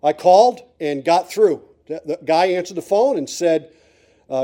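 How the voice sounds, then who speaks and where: Mellow-voiced preacher from Pennsylvania. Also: male voice, fairly high pitch, animated, normal speed. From Pennsylvania, USA. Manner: storytelling, building suspense with repeated teasing lines. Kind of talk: sermon with a humorous personal story.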